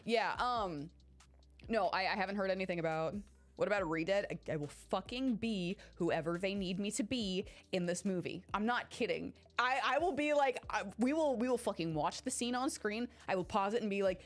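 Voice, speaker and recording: A young woman streamer recovering from illness, chatting excitedly and swearing freely while answering her chat by name. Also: medium pitch, moderate pace. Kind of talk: casual live-stream chat.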